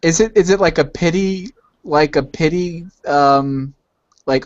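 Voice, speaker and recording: A man's voice: on the high side, a little slow, no room sound. A man hosting a casual chat, asking curious questions and tripping over his words. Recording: dull dry lo-fi recording.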